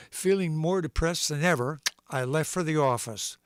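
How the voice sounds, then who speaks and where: A man's voice: fairly high pitch, a little slow, few pauses, clean tone. A man hosting a livestream, reading a comic newspaper story aloud and acting out its voices and sound effects. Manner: animated storyteller, voicing characters and sound effects. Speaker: livestream host.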